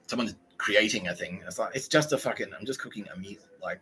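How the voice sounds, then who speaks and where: A man's voice: on the low side, quick pace, bright, forceful tone, rough recording. Sweary man ranting. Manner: sweary, ranting, quotes people in put-on voices. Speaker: podcast host. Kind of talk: casual rambling monologue.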